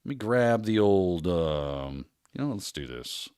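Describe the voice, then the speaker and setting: A man hosting a cybersecurity Q&A livestream, telling a story in a casual, animated way and acting out what people said. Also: sits low, a little slow, clear, resonant tone, dry recording. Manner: animated, laughing storyteller who acts out quotes.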